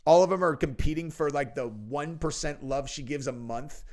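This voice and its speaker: A man's voice: medium pitch, fairly quick, hardly any pauses. A young man riffs through crude political commentary in a brash, mocking tone, full of profanity and casual "dude"s. He sounds like a host talking straight to his regular viewers. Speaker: show host.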